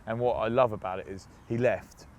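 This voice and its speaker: A man's voice: fairly low pitch, fairly even intonation, brisk, darkish tone, muffled recording, a little hiss or hum. A man from England, a rugby player, chatting as an interview guest, telling stories with laughs and mimicked voices. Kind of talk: casual interview chat.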